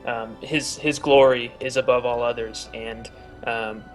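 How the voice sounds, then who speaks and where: A man's voice: mid-range voice, little pitch movement, unhurried, soft background music, close to an everyday voice, poor audio. A man playing an earnest, pious young paladin in a tabletop game, making a formal request with many small hesitations.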